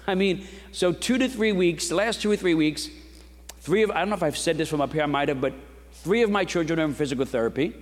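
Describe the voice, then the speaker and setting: A man's voice: sits high, moderate pace. Man preaching in an echoing church. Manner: conversational storytelling with rhetorical questions. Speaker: pastor. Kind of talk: sermon. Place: church sanctuary. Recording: long reverb of a large hall.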